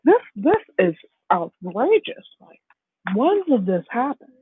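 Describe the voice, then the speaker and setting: A woman's voice: a little high, sing-song, slow, husky, no room sound, heavily acted. A woman voicing a nervous, eager teenage boy hero who rambles when flustered, over a tinny phone-like line. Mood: baffled.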